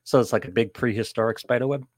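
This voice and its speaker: A man co-hosting a casual talk show, trading quick, joking banter. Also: mid-range voice, no room sound. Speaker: co-host. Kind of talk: casual chat.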